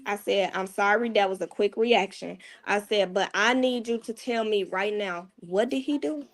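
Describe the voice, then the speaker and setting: A woman's voice: medium pitch, normal speed. Candid mother telling a hard story. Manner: candid, casual, often dropping to a hushed tone. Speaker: guest, mother. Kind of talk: emotional personal storytelling.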